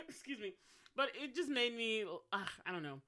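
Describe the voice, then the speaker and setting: A young adult woman co-hosts a podcast in relaxed, casual chat. She is playful, laughs easily and sometimes breaks into song. Her voice sits a little high. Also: normal speed. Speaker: podcast co-host.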